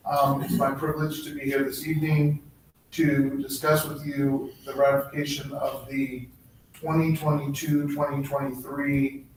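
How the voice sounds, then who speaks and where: A man presenting at a board meeting, halting with many ums and restarts, his voice a little worn. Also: on the high side. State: slightly losing his voice. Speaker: human resources director. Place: public board meeting room. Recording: echoey room, distant mic, faint noise.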